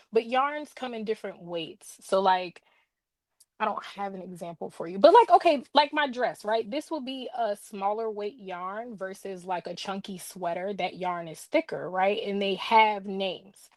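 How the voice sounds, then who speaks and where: A woman's voice: medium pitch, dry recording. A young woman who reviews books, chatting in an interview and telling stories with playful asides. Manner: animated storyteller with laughs and playful asides. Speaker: guest, book reviewer. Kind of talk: casual interview chat.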